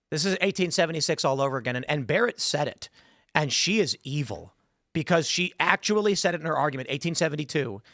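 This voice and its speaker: Guy hosting a political talk show, kinda high voice, super dry close sound, argues hard and gets loud. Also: no echo. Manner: intense, argumentative, builds to loud emphatic peaks. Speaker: podcast host.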